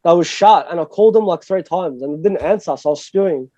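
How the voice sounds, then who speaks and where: A man's voice: high voice, fast, warm tone, no echo. A young Australian man, a DJ guest on a podcast, talking casually in a rambling, self-mocking way and swearing freely. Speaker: guest DJ and producer. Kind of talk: casual interview chat. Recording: dull lo-fi dry sound.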